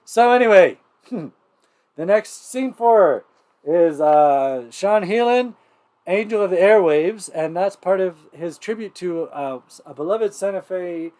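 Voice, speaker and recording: A man's voice: high voice, expressive, slow, warm tone. A man hosting a livestreamed variety show, talking casually and rambling through intros with lots of fillers and restarts. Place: home livestream setup.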